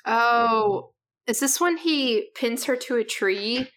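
A woman's voice: fairly high pitch, lively intonation, slow pace, a bit bright. A woman from Britain co-hosting a podcast, chatting about a movie in an amused, casual way. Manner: chatty, amused, puts on voices to quote. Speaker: podcast co-host. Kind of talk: casual movie recap chat.

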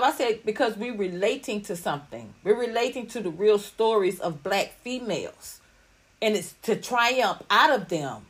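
A middle-aged woman hosts a podcast as a casual livestream, talking to viewers in a fairly high, animated voice at a moderate pace. She's blunt, profane, and preachy.

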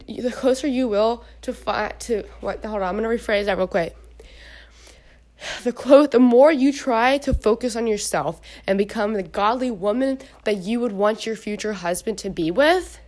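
A young woman with a slightly high voice talks straight to her listeners in a casual podcast, part pep talk and part sermon. She rambles and keeps checking in with "okay?" between her points. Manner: chatty, preachy, rambling with frequent "okay?" asides. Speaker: podcast host. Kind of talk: casual faith advice talk.

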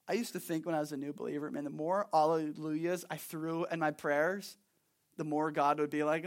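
A young man preaching a sermon in a conversational, animated way, acting out little asides. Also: fairly high pitch, moderate pace. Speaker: pastor.

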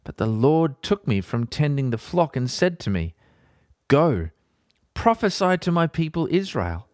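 Slow-spoken man reading scripture. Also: a little high, no echo, clean studio sound. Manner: warm, unhurried, expressive. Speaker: podcast host reading the Bible.

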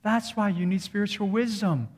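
A man in his thirties preaching a sermon as a pastor, conversational, repeating phrases and swinging from quiet low asides to raised emphatic lines. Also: moderate pace. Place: church sanctuary. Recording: reverberant church hall.

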